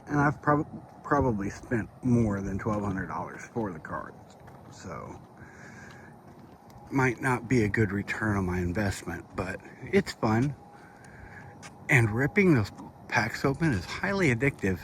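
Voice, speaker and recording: A middle-aged man with the hiccups talks in a fairly low voice as he walks outdoors at night. His delivery is rambling and hesitant, with many fillers. A faint outdoor hum sits behind him. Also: very animated, unhurried. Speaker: vlogger. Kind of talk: casual walk-and-talk update.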